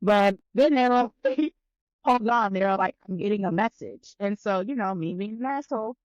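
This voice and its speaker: A woman guest on a podcast telling a story in casual chat, animated and profane, acting out both sides of the conversation. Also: medium pitch, moderate pace, dry recording, highs cut off.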